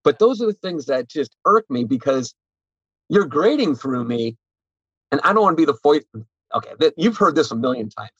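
A man's voice: on the high side, big pitch swings, moderate pace, fairly bright tone, husky, dry recording, muffled recording. A man who runs a sports card shop, talking bluntly and animatedly in a casual podcast interview, swearing freely.

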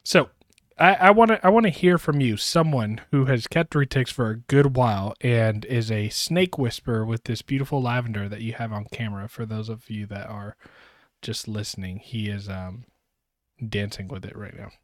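A man's voice: fairly low pitch, normal speed, no echo, studio quality. Upbeat jokey male podcast host. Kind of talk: casual podcast chat.

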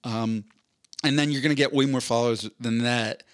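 A man's voice: mid-range voice, fairly even intonation, moderate pace, no room sound, studio quality. A man with a mid-range voice tells a story as a podcast host in a casual chat. He sounds amused, rambles, and restarts his sentences often.

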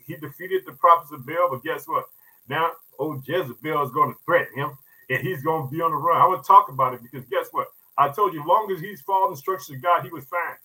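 A man with a high, very bright, ringing voice delivers a fervent podcast sermon. He talks in a casual, folksy way. He circles back to his points again and again and calls his listeners "family.". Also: breathy edge, low-quality recording. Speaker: preacher.

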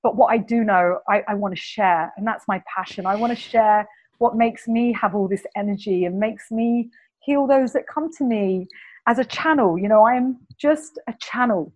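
A woman with a Cockney English accent, speaking as a guest healer in an enthusiastic, animated spiritual conversation. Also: medium pitch, normal speed, highs cut off. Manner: animated, enthusiastic storyteller, repeats words.

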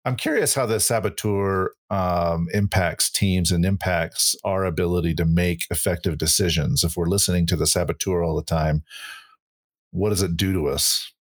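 Man, podcast co-host; very deep voice; relaxed, joking banter. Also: normal speed. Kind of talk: casual conversational podcast.

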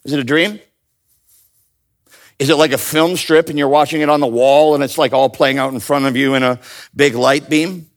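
A man teaching a Bible study in a lively, joking way, often calling on his listeners to answer. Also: fairly high pitch, normal speed, pauses often. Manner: animated, playful, calls out to the audience. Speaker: pastor.

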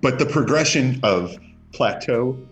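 A man's voice: medium pitch, lively intonation, unhurried, slightly rough. A man co-hosting a casual music podcast, rambling with many restarts and fillers. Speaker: podcast co-host.

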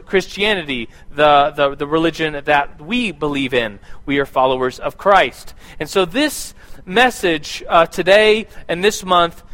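A man's voice: fairly high pitch, a bit bright, low-quality recording. A man giving a casual, conversational sermon and church announcements, with a lot of fillers and restarts.

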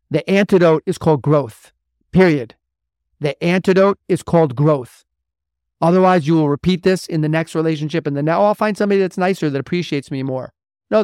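A man's voice: a little high, a little mellow, smooth, dry recording, clean studio sound. A man hosting a motivational podcast as a mentor to men, talking bluntly and emphatically with lots of repetition. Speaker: podcast host and men's mentor.

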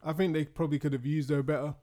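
A man talking films in a relaxed podcast, agreeable and a little halting. His voice sits somewhat high for a man. He trails off and restarts as he thinks. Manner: hesitant, agreeable, many fillers and laughs. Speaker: podcast co-host. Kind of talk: casual film chat.

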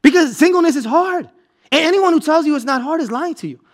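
A middle-aged man preaching a sermon as pastor, telling stories in an animated way with bursts of laughter. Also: very high-pitched, quick pace.

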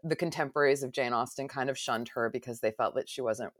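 A woman's voice: a bass voice, fast talker, dry recording, clean studio sound. A woman hosting a casual writing chat, listening closely and asking curious questions. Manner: attentive listener, brief affirmations, curious questions.

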